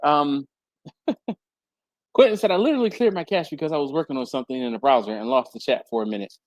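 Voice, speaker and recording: A man's voice: fast, no echo. A man hosting a casual livestream from a hot garage, chatting and reading viewer comments aloud, laughing often. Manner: chatty, laughs often, lively swings in pitch. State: hot and sweaty. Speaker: livestream host. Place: warm home garage with a fan and air handler.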